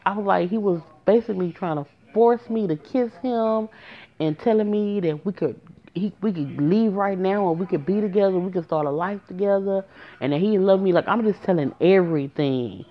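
A woman's voice: mid-range voice, normal speed. A woman telling a personal story in a casual, emotional way, speaking directly to her listeners. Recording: muffled lo-fi recording.

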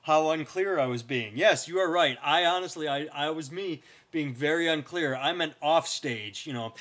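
A man's voice: a little high, moderate pace, fairly bright tone. A man, a stand-up comic and podcast co-host, telling stories in casual, rambling, profane chat. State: hiccups.

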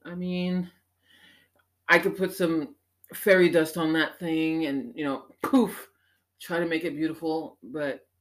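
A woman with a low-pitched voice hosts a podcast, delivering an animated, emphatic personal monologue that swings up into exclamations.

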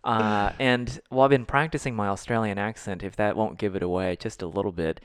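A man co-hosting a podcast chats casually in a playful, teasing way and laughs often. His fairly low, clear, resonant voice keeps a fairly even intonation at a fairly quick pace, in a dry, clean studio recording.

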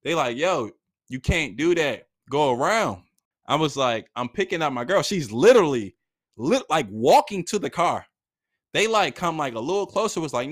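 A man's voice: on the high side, sing-song, normal speed, fairly bright tone. A man telling a story from his own life in casual, slangy talk, acting out the voices of the people in it.

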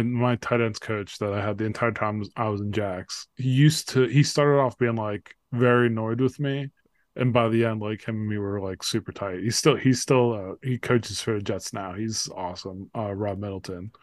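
A man's voice: on the low side, moderate pace, no echo. A man, a former football player, telling stories as a podcast guest in a loose, rambling way full of fillers and restarts. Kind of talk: casual storytelling chat.

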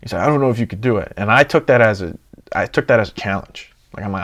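Young man, low-ish voice, casual storytelling; excitable, profane, acts out quotes. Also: fast. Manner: excitable, swears a lot, acts out friends' lines.

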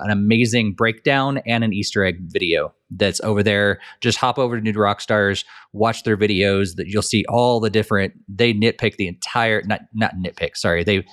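A man's voice: fairly low pitch, a bit bright. A man hosting a podcast, chatting casually, rambling with fillers before asking his co-host questions. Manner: rambling, many fillers and restarts, asks questions.

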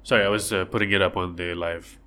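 A man's voice: sits low, steady tone, fast, pushed and bright, clean tone. A man hosting a casual livestream, answering listener questions in a rambling, joking way. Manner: rambling, joking, acts out little scenes in silly voices.

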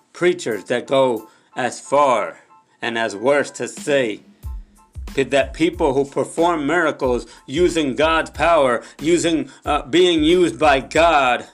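A young man preaching an impassioned sermon, repeating phrases and calling out to the audience, sometimes dropping into soft low prayer. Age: young adult.

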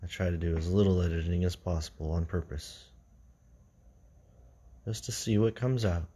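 A man hosting an unscripted podcast, reading stories and musing casually, his voice sinking low and quiet at the ends of phrases. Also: normal speed, husky. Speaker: podcast host.

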